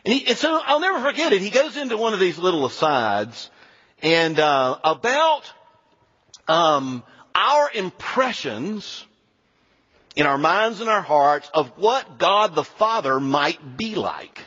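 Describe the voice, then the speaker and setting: A male pastor preaching a sermon in an animated, conversational way with frequent asides. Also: high-pitched, unhurried, breathy edge, long reverb tail, lo-fi sound.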